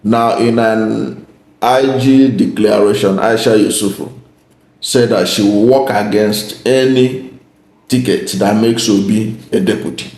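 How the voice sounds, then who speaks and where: Gravelly man giving political commentary. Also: lowish voice, fairly even intonation, a little mellow. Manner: deliberate and emphatic, repeating key points. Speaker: channel host. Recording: roomy echo.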